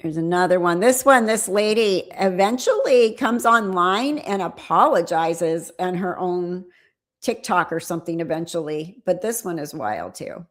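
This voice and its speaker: A woman's voice: fairly low pitch, animated, unhurried. A middle-aged woman, a former flight attendant, giving casual live-stream reaction commentary with chatty, amused asides.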